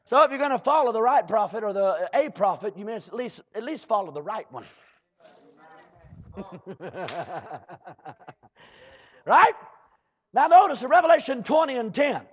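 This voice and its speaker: A preacher man delivers a fiery sermon in a very high, lively, husky voice. He swings between shouted bursts and slow drawled asides, calling out to the congregation. The recording sounds dull and lo-fi.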